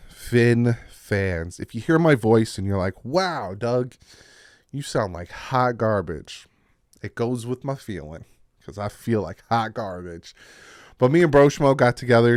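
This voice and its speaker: A man's voice: medium pitch, darkish tone, no room sound, studio quality. A young man with a New Jersey accent and a congested, sick voice, rambling casually as a sports talk host. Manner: rambling, self-interrupting.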